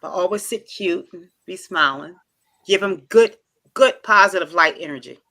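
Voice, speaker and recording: A woman's voice: lowish voice, moderate pace, pushed and bright. A woman hosting a casual storytelling vlog, chatty and playful, who often acts out the dialogue. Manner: chatty and informal, with many interjections. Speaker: channel host.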